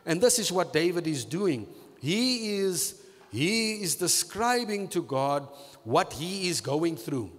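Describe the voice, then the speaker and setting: A male pastor delivers a sermon in a deliberate, unhurried way, stretching key words and circling back over the same phrases. His voice sits fairly high for a man. The sound carries a long reverb tail, as from a large hall. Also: sing-song.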